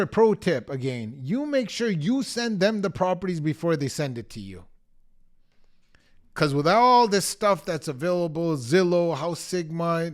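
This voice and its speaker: A middle-aged man coaching real estate agents, talking to the camera in a punchy, emphatic way and acting out short bits of dialogue. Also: fairly high pitch. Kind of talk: energetic coaching talk to the camera.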